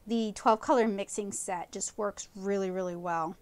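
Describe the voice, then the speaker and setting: A woman's voice: mid-range voice, steady tone, moderate pace. A woman comic artist chatting enthusiastically through a live watercolor painting tutorial, rambling with fillers as she loses her voice. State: losing her voice.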